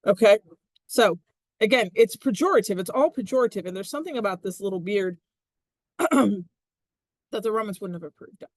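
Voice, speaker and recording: Woman, Latin teacher, casual and animated, mid pitch, dry recording. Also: fairly quick, long pauses, no room sound. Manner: chatty, animated, laughs often. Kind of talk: casual classroom explanation.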